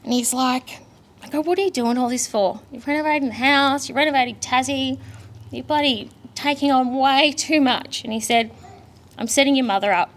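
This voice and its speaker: A woman's voice: high-pitched, normal speed. Australian woman giving an emotional eulogy. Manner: emotional, candid, storytelling with laughs. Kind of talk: funeral eulogy.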